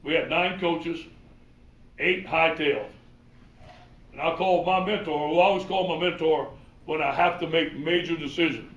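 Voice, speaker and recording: A man with a Cajun accent, a football coach telling animated motivational stories and acting out the dialogue. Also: a little high, normal speed, pauses often, muffled recording. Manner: animated, acts out quoted dialogue. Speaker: football coach giving a presentation. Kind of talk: motivational storytelling talk. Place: presentation room. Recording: roomy hall, mic from far off.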